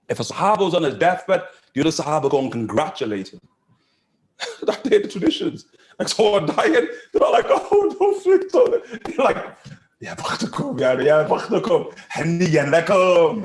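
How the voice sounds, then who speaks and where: A man teaches a religious lesson in a high, bright voice. He is animated and often laughs, and he acts out the people in his stories. The sound rings around a reverberant room.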